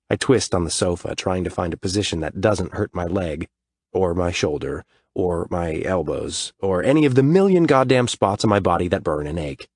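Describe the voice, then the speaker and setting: A man's voice: sits low, moderate pace, slightly rough, no room sound, clean studio sound. A man narrating a story in first person, weary and grumbling, with frequent swearing. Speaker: audiobook narrator.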